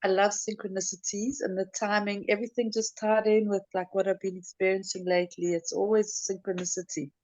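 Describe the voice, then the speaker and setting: A woman's voice: medium pitch, little pitch movement, brisk, hardly any pauses, darkish tone, no room sound. A woman in a live online group, speaking emotionally and searching for words. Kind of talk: casual group chat. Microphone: video call.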